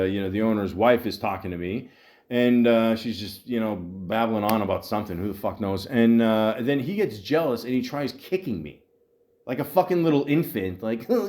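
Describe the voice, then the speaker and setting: A male podcast host rants through a story in a loose, rambling way. He swears constantly, restarts his sentences and puts on brief mocking voices. His pitch sits in the middle for a man. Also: darkish tone. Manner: profane, rambling with frequent restarts and mocking impressions. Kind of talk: ranting storytelling.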